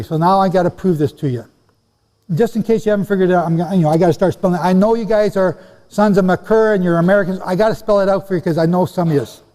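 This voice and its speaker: A man with a high but mellow voice gives a Bible lecture over slides. He talks straight to his listeners, repeating and leaning on words for stress. His voice rings with the long echo of a hall. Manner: conversational, repeats and stresses words, addresses audience directly. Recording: echoey hall.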